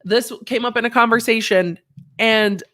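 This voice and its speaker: A woman's voice: fairly high pitch, moderate pace. A woman hosting a casual livestream, chatty and reading viewer comments aloud, a bit unwell with a sinus infection. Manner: chatty, animated, reads chat aloud. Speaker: livestream host.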